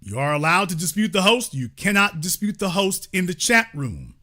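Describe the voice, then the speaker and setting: Male call-in host, high and lively voice, bright edge; emphatic, mocking, repeats lines for punch. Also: normal speed. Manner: emphatic, mocking, preacher-like repetition. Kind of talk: live call-in show commentary.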